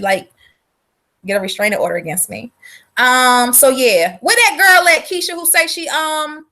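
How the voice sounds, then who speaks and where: A high, bright-voiced woman with a drawl talks into her livestream in a loose, chatty way. She's blunt and profane, calling out viewers by name as she goes. Her tone stays sharp and forward throughout. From South Carolina. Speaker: livestream host selling womb-care products. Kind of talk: casual livestream chat.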